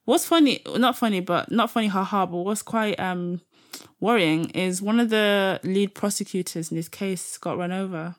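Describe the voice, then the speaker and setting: Young woman co-host, casual podcast banter, laughs often, mid-pitched. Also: normal speed. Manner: laughs often, chatty and animated, reads news items aloud. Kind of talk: casual chat.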